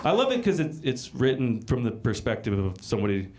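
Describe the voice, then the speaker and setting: A man's voice: medium pitch, very animated, brisk, darkish tone. A man performing a stand-up comedy set on a club stage, rambling and crude, with frequent restarts and swearing. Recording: live club recording with crowd laughter. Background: audience laughter.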